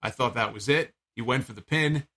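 Bright-voiced man recapping wrestling, animated. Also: medium pitch, a little fast. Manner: animated, profane, incredulous storytelling. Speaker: wrestling show reviewer. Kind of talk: casual spoken recap.

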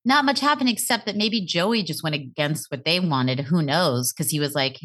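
A woman with a husky, low-pitched voice co-hosts a casual podcast chat. Her pitch swoops widely as she jokes and swears freely. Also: moderate pace. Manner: animated, jokey, swears freely. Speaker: podcast co-host. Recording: video call.

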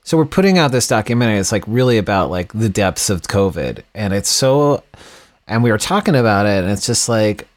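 A man's voice: fairly low pitch, lively intonation, a little fast. A man rambling in casual podcast chat as a guest, full of fillers and restarts. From Milwaukee. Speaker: podcast guest, band musician.

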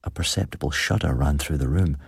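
A man narrating an audiobook in an even, measured storytelling manner. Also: very deep voice, gravelly, breathy edge, dry recording, studio quality.

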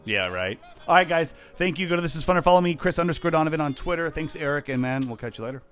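A man in his thirties co-hosting a podcast in casual chat, making wry, deadpan quips. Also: a little high, fast, faint music behind. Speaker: podcast co-host.

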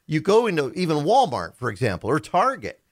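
A man's voice: a little high, huge pitch swings, a little fast, dry recording, studio quality. A man chatting casually on a podcast, rambling with filler words and restarts. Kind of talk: casual chat.

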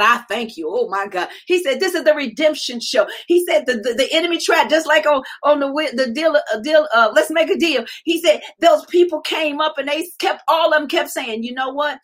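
A woman preacher with a high voice delivers a fervent prophetic message. She repeats her phrases again and again and rises into shouts. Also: normal speed. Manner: fervent, repetitive, with bursts of shouting.

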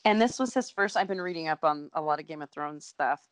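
A woman co-hosting a casual TV recap chat, animated and swearing freely as she acts out scenes. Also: low voice, brisk, no room sound. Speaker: podcast co-host.

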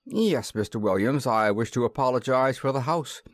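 A man voicing an unctuous, fawning male hotel proprietor in an audiobook, pleading and smooth. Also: medium pitch, normal speed, no room sound, natural voice. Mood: smooth, reproachful.

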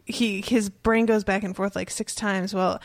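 A chatty woman recapping a story in casual conversation, her voice carrying a gravelly fry. She laughs easily and acts out quoted lines, in a dry, close recording. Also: medium pitch, little pitch movement, measured pace, no echo. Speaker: podcast co-host discussing a book.

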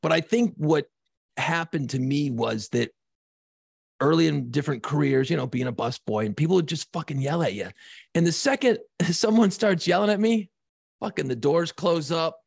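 A man's voice: fairly high pitch, normal speed, vocal fry, husky, dry recording, studio quality. A man chatting casually as a podcast co-host, reflective and profane, often checking in with the listener. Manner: reflective, profane, asks "you know what I mean".

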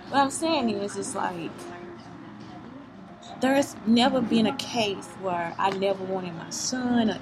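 A woman's voice: medium pitch, gravelly, background noise. A woman giving a rambling, profane, unscripted venting monologue to her viewers, often asking if they see what she means. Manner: heated, profane, keeps asking "you see what I'm saying?"; rambling, circling back on herself.

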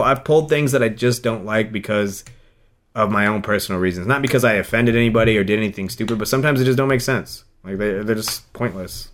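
A man's voice: lowish voice, a bit bright. A man in his thirties co-hosting a podcast, talking in a rambling, emotional way with many restarts. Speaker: radio host, podcast co-host. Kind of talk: casual podcast chat.

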